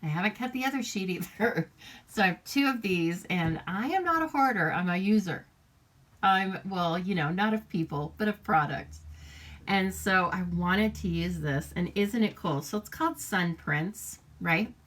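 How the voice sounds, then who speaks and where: A woman's voice: mid-range voice, animated, moderate pace, a bit bright. A woman chatting her way through a live papercraft demonstration, greeting viewers by name and laughing often. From United States. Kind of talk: casual live craft demonstration.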